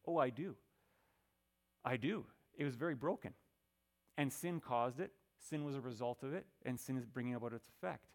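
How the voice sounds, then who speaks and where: Man preaching a sermon, emphatic. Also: mid-range voice. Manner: emphatic, slows down for scripture. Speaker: pastor.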